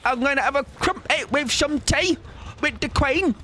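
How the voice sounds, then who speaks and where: A British man putting on a squeaky, exaggerated posh British gentleman in a tea-and-crumpets mock voice. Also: normal speed, a little hiss or hum. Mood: mocking, jolly.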